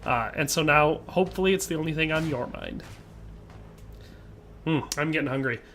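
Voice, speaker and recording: A man's voice: a little high, normal speed, a bit bright. A man, chatting casually and rambling with jokes while streaming a game and reading chat aloud. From Wisconsin, USA.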